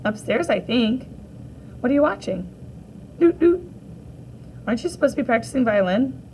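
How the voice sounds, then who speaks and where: A woman teacher reading a graphic novel aloud for children, gently voicing each character in turn. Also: on the high side, animated, brisk, a little hiss or hum, rough recording.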